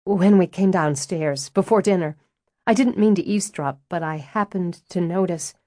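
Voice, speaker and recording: A woman plays a tightly wound young widow in an audiobook, careful and apologetic in every word. The voice sits low and the sound is dry and close. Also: moderate pace, mellow, no room sound, natural voice.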